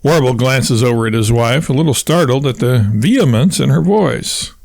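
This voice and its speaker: A man's voice: medium pitch, lively intonation, normal speed, gravelly, a little mellow, no echo. Man reading a comic novel aloud. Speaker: audiobook reader. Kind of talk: storybook narration.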